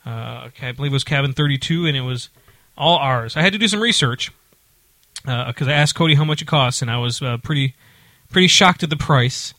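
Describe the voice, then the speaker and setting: A man's voice: medium pitch, a little fast, pushed and bright, no echo. A man telling a long story in casual chat, with lots of fillers and restarts. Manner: rambling, many fillers and restarts.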